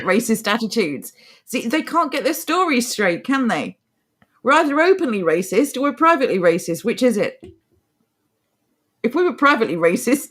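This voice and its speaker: A woman on a podcast, reading articles aloud and answering them with sarcastic, mocking remarks in casual chat. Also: medium pitch. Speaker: podcast co-host.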